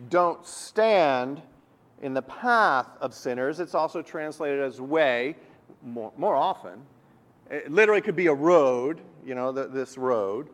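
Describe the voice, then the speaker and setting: A man preaching a sermon, earnest and explanatory, often repeating words and slowing down to stress key words. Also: fairly high pitch, fairly bright tone. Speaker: pastor.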